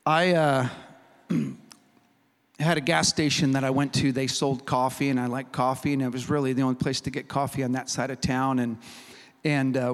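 A man preaching a sermon as a humorous, animated storyteller who acts out the people in his story. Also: medium pitch. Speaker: pastor. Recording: reverberant hall recording.

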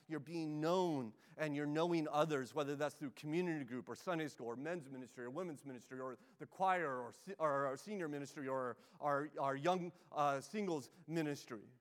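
A male pastor delivering a sermon in a conversational way, his voice sitting high for a man. He often repeats words and checks in with the listeners. The sound carries a long church reverb. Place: church sanctuary.

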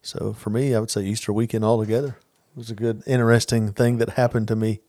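A man co-hosting a casual podcast chat, telling stories in an earnest, animated way. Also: lowish voice, fast, dry recording, clean studio sound. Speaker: podcast co-host.

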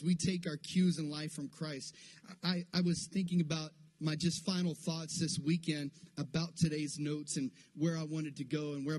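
A man's voice: fairly high pitch, darkish tone. A male pastor preaching a sermon to his church, calling out to the congregation and pressing his points with fervor. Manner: impassioned preaching with call-and-response to the congregation. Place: church sanctuary before a live congregation.

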